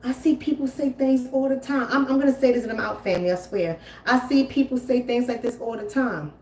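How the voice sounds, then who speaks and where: A woman's voice: a little high, a little fast, hardly any pauses, a little mellow, slight background noise. Emphatic, preachy woman, far from the mic. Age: 40s. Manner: preachy, emphatic, repeats phrases. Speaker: commentary host. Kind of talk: casual live-stream talk. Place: home. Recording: roomy, from a distance.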